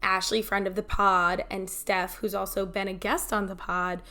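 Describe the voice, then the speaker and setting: A woman's voice: medium pitch, moderate pace. A woman co-hosting a podcast, telling stories casually and acting out the lines of others. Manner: animated storyteller, acts out quoted dialogue. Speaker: podcast co-host. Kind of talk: casual chat. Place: home, remote.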